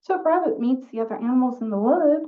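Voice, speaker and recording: A woman storyteller telling a folk tale at a live story slam, slow and deliberate with refrains. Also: sits high, expressive. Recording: distant phone-like sound.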